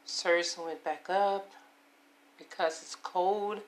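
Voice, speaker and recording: A woman in her fifties with a hoarse voice, rambling and repeating herself as she talks to her viewers about taking care of herself. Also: lowish voice, fairly even intonation, takes it slowly. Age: 50s. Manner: rambling, repetitive, self-affirming. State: hoarse, voice giving out. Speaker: vlogger. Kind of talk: casual personal monologue.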